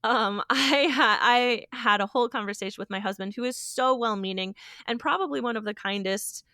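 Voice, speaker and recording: A woman co-host speaks with real fire and conviction in casual podcast chat. Her voice sits a little high. The sound is dry and close, with no room in it. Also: normal speed, bright, forceful tone, no room sound. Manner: fiery, passionate.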